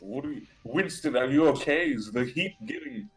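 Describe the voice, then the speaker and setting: A man's voice: a little high, sing-song, normal speed, gravelly, a bit bright. A man playing a tabletop game, joking and teasing in casual chat. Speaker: player.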